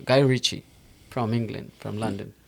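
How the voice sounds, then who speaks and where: A man's voice: on the low side, steady tone, normal speed, gravelly, darkish tone. A man with a Mexican accent chatting casually as a podcast co-host, rambling with many fillers and restarts. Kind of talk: casual chat.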